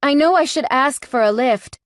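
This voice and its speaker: Woman reading a romance audiobook softly. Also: high-pitched, normal speed, dry recording, clean studio sound. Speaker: audiobook narrator. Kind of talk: scripted first-person novel narration.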